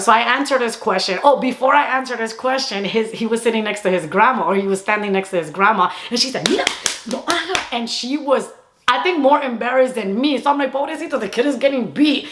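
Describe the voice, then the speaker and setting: A young woman vlogger telling a funny personal story in a fast, animated way, slipping Spanish phrases into her English. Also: a little high. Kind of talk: casual storytime.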